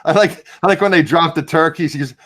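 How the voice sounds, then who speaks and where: A man's voice: a little high, fast talker, a bit bright. Friendly man on a video call. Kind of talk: casual group video chat.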